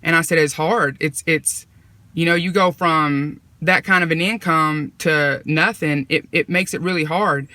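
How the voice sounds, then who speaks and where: Woman, bright and crisp, close dry sound, chatty faith testimony storyteller. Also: low-pitched, measured pace, dry recording. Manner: conversational, retelling dialogue with repeated "I said". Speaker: vlogger sharing a personal testimony.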